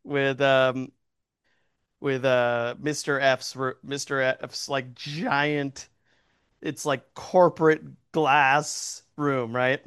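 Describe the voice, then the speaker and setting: A man's voice: medium pitch, little pitch movement, extremely slow, a bit bright, smooth. A man improvising a goofy story as a game host, laughing often and rambling with fillers. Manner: giggly, rambling, puts on silly voices.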